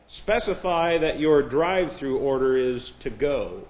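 A man's voice: medium pitch, animated, measured pace, darkish tone. A man preaching a sermon, telling stories and reading out joke lists, chuckling between them. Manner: storytelling, chuckles between jokes; reads lighthearted lists aloud. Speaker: pastor. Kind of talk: humorous sermon.

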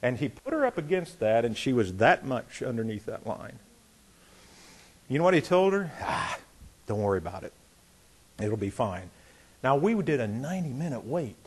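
Middle aged guy pastor preaching, chatty and lively, does little voices for the people in his story. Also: mid-range voice, moderate pace, long pauses, breathy edge. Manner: conversational, animated, acts out quotes. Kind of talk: sermon with storytelling.

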